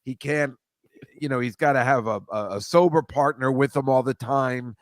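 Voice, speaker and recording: A man's voice: mid-range voice, steady tone, normal speed, no room sound. Guy hosting a comedy talk show, rambly, keeps tripping over his words, dry close sound. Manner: rambling, self-deprecating, stammers and restarts. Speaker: host.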